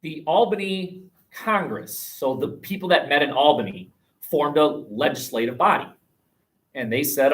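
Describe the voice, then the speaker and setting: A man teaching a history class, animated and joking, asking the room rhetorical questions, recorded on a classroom webcam. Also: on the high side, normal speed. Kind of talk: classroom lecture.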